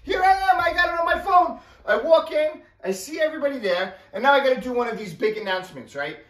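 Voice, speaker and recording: A very high-pitched man launches into a comedic rant, animated and exasperated, quickly slipping into character voices for the other people in his story. The sound is roomy, picked up by a distant mic.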